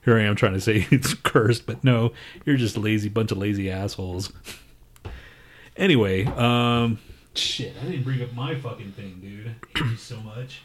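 A man with a fairly low voice co-hosting a podcast in casual banter. He rants loudly and swears constantly. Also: normal speed, a little hiss or hum. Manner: profane and loud, ranting. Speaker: podcast co-host.

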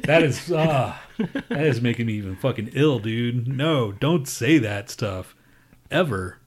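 A man co-hosting a podcast, talking in loud, profane, ranting casual banter. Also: mid-range voice, animated, measured pace. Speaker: podcast co-host.

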